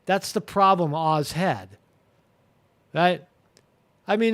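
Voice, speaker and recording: A man's voice: on the high side, lively intonation, takes it slowly, pauses often. A man hosting a live commentary show, talking casually with many fillers, restarts and crude language. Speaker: show host.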